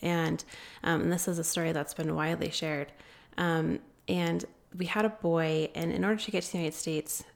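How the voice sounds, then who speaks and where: Creaky-voiced woman telling a story. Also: low voice, steady tone. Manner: earnest, many filler pauses. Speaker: guest, founder of an anti-trafficking group. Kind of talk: interview storytelling.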